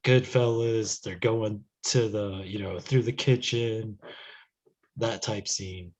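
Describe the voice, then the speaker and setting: A young adult man co-hosting a podcast, laid-back and quick to laugh in casual chat. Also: lowish voice, fairly even intonation, a little mellow, rough recording. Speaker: podcast co-host.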